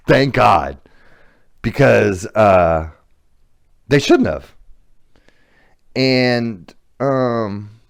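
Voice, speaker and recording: A man's voice: medium pitch, extremely slow, creaky, pauses often. A middle-aged man hosting a podcast, telling a candid personal story in a blunt, profane, confessional way. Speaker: podcast host.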